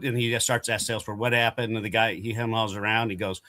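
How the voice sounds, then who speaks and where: A man's voice: fairly low pitch, fairly even intonation, fast, hardly any pauses, bright, forceful tone, dry recording. A man telling a customer-service story in a casual panel talk. He chats along, laughs now and then and acts out the people he quotes.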